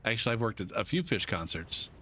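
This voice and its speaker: A man streaming a game, telling a story in a casual, laid-back way, swearing constantly and filling pauses with um. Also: on the low side, sing-song, sharp tone, a little hiss or hum.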